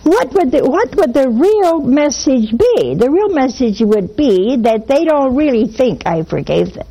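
A nun hosting a call-in show, speaking slowly and deliberately. Her pitch swings widely as she acts out little exchanges. She gives blunt warnings, and her voice sits a touch high but soft and mellow in tone. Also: sing-song, husky, rough recording. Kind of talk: spiritual teaching and call-in talk.

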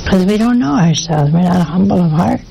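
A woman's voice: lowish voice, animated, a little fast, creaky, dark tone, a little hiss or hum, poor audio. A woman giving a sermon in a folksy, conversational way, often asking her listeners rhetorical questions. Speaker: preacher.

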